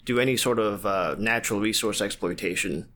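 A man's voice: on the low side, a little fast, fairly bright tone. A man hosting a podcast, asking curious, easygoing questions in casual chat. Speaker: podcast host.

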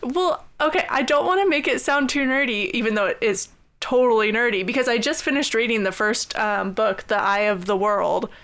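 Gravelly-voiced woman podcast co-host. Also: a little high, lively intonation, fairly bright tone. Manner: laughs often, measured explaining with fillers. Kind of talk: casual chat, researched storytelling.

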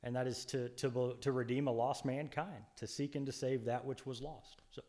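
A man's voice: medium pitch, fairly even intonation, normal speed, darkish tone. A man co-hosting a Bible study, explaining scripture in an earnest, preacherly way with frequent restarts and emphatic stresses. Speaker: co-host Bible teacher.

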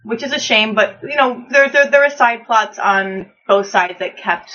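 A woman calmly recaps a live-action game in casual chat, keeping her tone matter-of-fact. Her voice is bright and a little tense. The recording is dull, with a faint hiss underneath. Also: fairly high pitch, moderate pace.

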